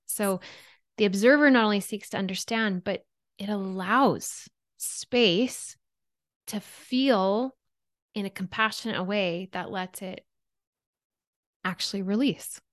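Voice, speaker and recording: A woman in her thirties, a podcast guest talking about emotions, telling stories with lively shifts into quoted thoughts. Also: medium pitch, slow, long pauses, no echo, clean studio sound. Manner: animated storyteller, voices her own and others' thoughts. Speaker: podcast guest, anxiety coach. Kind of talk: conversational interview.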